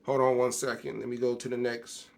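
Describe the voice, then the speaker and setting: A man's voice: mid-range voice, little pitch movement, brisk, creaky, a little hiss or hum. A man who is a minister giving a casual personal testimony, rambling and correcting himself as he goes before reading a letter aloud. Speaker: self-styled apostle and minister.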